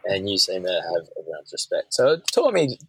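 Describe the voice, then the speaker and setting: Lower-voiced guy, chatty podcast guest, candid and measured, dry sound. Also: wildly swooping pitch, fairly bright tone, slightly rough, no echo, poor audio. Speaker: podcast guest, surf commentator. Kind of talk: casual conversational chat.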